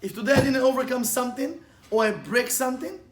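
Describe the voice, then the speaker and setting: Guy teaching kabbalah stuff, high voice, lively, laughs a lot, echoey room w/ a little hiss. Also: fast. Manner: animated, laughs often, acts out quotes and sound effects. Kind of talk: informal spiritual lesson with storytelling. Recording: echoey room with faint ambient noise.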